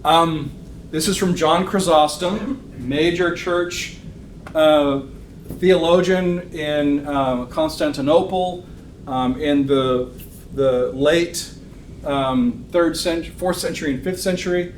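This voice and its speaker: A man's voice: a little high, slow. A man teaching a church Bible lesson to a live class. He speaks conversationally, says "um" often and keeps checking in with "okay?". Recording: roomy echo, faint room noise.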